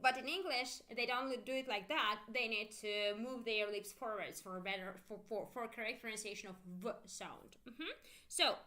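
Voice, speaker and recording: A woman with a Russian accent leads a live-streamed English lesson in a bright, forward voice pitched somewhat high. She says drill phrases slowly so learners can repeat them. Between drills she explains at length, often restarting her sentences. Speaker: English teacher.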